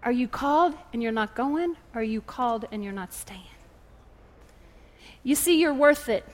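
A woman preacher delivering an impassioned sermon, driving home her point with repeated rhetorical questions. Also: a little high. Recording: reverberant hall with faint music. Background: faint music.

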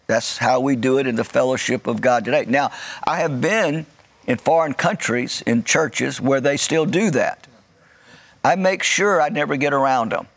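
Male pastor, gravelly voice, middle pitch. Preaches in a measured way and leans on key words. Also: a bit bright. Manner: light joking asides. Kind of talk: sermon.

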